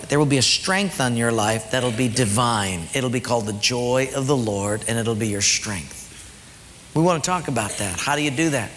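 A man preaching a sermon as pastor, emphatic, often dropping low and quiet to stress a point. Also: big-room sound, a little hiss or hum.

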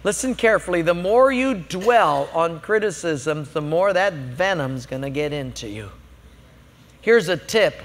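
A man's voice: a little high, lively intonation, unhurried, big-room sound. A man preaching a sermon as a pastor, emphatic and humorous, telling stories to make his points.

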